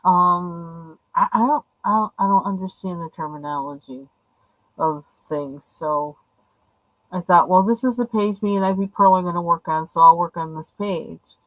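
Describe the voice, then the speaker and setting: Lady chatting while she colors on a livestream, kinda rambly and unsure, lower voice, dry sound. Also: normal speed, no echo, poor audio. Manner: rambling, hesitant, many fillers. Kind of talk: casual chat while coloring.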